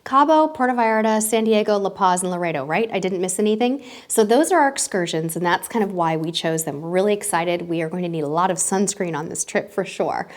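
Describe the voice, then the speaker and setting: A woman's voice: lowish voice, brisk, hardly any pauses, darkish tone. A woman in her thirties, a travel vlogger, talking casually and cheerfully to her viewers with small self-corrections. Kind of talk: casual vlog talk to camera.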